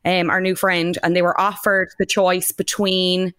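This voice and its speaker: A woman hosting a podcast, recapping in a brisk, teasing way with plenty of asides. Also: lowish voice, little pitch movement, a bit bright, clear, resonant tone. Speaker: podcast host. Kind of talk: casual recap chat.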